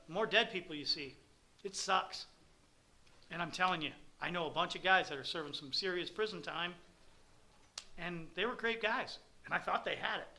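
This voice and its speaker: A middle-aged man speaks at a recovery meeting, sharing his story in a candid, rambling way. His voice is very bright and edgy, sitting slightly high for a man. He talks bluntly and plainly to his peers. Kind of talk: personal testimony talk.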